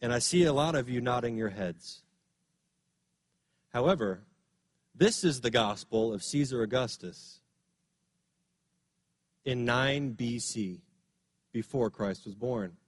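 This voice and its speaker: A man preaching a sermon as pastor in a church sanctuary, telling a story and rising to emphatic peaks before dropping low, his voice a little strained from singing. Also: expressive, slow, pauses often, husky. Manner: storytelling, builds up to loud emphatic peaks then drops low. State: slightly strained voice after singing.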